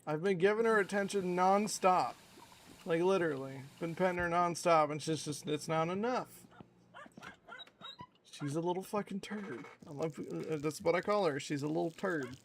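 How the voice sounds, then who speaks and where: High-pitched guy on his stream, casual and sweary, keeps telling his dog no, bit of hiss in the back. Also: moderate pace. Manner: scolding his dog between chatty asides, swears freely. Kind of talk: casual chat on a live stream.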